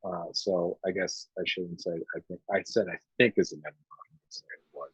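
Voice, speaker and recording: A man co-hosting a live painting stream, talking casually in halting, joking bursts full of uhs. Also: sits low, fairly even intonation, husky, no room sound, dull audio. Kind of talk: casual chat while painting.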